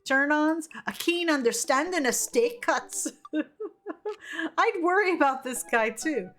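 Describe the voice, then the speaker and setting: A woman's voice: sits high, expressive, slow, fairly bright tone. A woman streamer giving casual commentary on a game, laughing often and reading chat aloud.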